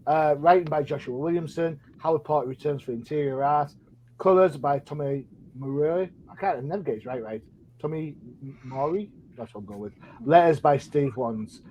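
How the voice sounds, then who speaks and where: A man's voice: a little high, darkish tone, a little hiss or hum, poor audio. A man hosting a comic book podcast, chatty and playful, with many fillers. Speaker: podcast host. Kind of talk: casual chat.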